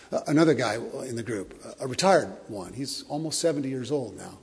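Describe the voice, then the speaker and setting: A man preaching a sermon as a pastor, earnest, often repeating words and dropping to a soft, slow hush. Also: mid-range voice, expressive, gravelly, slightly rough. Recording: long hall reverb.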